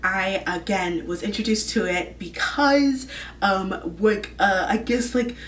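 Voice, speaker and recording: A woman's voice: mid-range voice, expressive, slow pace, roomy sound, recorded from a distance, slight background noise. A young woman hosting a vlog, chatting casually and gushing in a rambling way full of "like" fillers. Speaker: vlog host. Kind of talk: casual chat.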